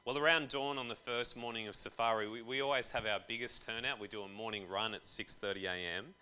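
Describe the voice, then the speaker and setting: Animated man preaching. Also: fairly low pitch, a little fast, clear, resonant tone. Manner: casual, jokey, animated preaching with slang. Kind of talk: sermon.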